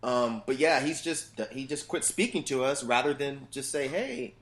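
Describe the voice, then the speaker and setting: With crowd noise in the background, a man in his thirties with a mid-range voice speaks at normal speed as a podcast guest. His casual chat is loose and profane, full of animated stories about his family.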